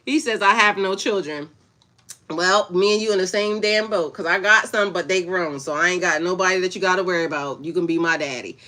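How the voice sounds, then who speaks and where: Woman in her 40s, spiritual coach on a casual livestream; bright, cutting voice, blunt delivery, quick to laugh and curse. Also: lowish voice. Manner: blunt, laughs often, swears freely. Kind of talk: casual livestream chat with viewers.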